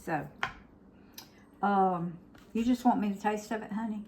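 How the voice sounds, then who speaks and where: A woman's voice: mid-range voice, a little slow, dark tone, a little hiss or hum. An older woman, hosting a casual home cooking demo in her kitchen and chatting straight to her viewers. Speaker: cooking show host.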